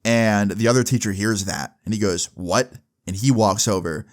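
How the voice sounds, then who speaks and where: A young man telling a personal story in a casual vlog, animated, with lots of fillers. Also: fairly low pitch, moderate pace. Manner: animated, swearing, fillers like "like" and "right". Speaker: vlogger.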